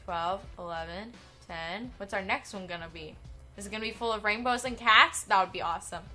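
A young woman giving excitable, giggly commentary while playing a video game. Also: mid-range voice, fairly quick. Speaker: game streamer. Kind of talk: casual gameplay commentary. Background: faint game music.

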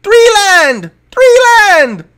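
A man puts on a tiny kobold lookout, squeaking far up in his range. The creature yells in excited bursts from a distance. It's a game master's creature voice for a tabletop game. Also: extremely slow, full character voice. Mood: shouting.

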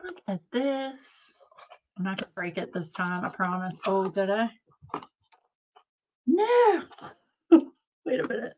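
A woman hosting a casual live-stream craft unboxing from home, gushing and excitable as she chats to viewers. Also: mid-range voice, normal speed. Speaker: craft channel host.

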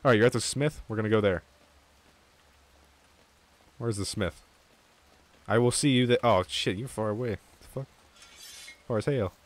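A young man streaming an online game with viewers, chatting casually, swearing freely and getting excited. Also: fairly low pitch, moderate pace, long pauses. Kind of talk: casual gaming chat.

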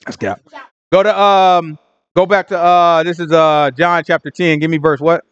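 A man's voice: a little high, flat delivery, normal speed, a bit bright, smooth, dry recording, dull audio. A man teaching a casual Bible study to a room with children, talking in slang, acting out voices and asking questions.

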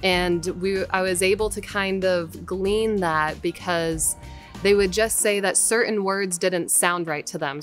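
A woman voice actor with a lowish voice, talking through her work in a careful, measured way. Faint music plays under her voice. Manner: explains carefully, deliberate and measured. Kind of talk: casual advice talk.

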